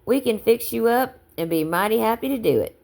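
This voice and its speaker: A woman reading aloud and voicing a big, friendly male cowboy guide who talks in a gentle, persuasive drawl. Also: a little high, lively intonation, brisk, vocal fry, voice pushed up.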